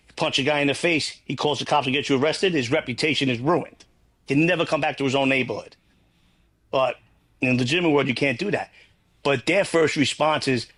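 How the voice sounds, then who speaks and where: A man's voice: medium pitch, a bit bright. Blunt, rambling man. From New York. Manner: blunt, rambling, swears freely. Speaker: guest. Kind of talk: casual interview talk.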